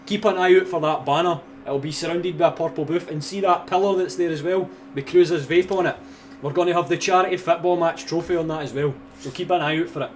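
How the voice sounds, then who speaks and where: A man's voice: fairly high pitch, fairly even intonation, quick pace, a little hiss or hum. A young Scottish man hosting a live stream, chatting casually, swearing freely and reading out donations. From Scotland. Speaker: livestream host.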